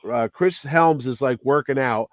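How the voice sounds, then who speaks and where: A man's voice: mid-range voice, measured pace, no room sound. A man co-hosting a casual chat, telling stories and acting out quotes. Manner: storytelling, acts out quotes.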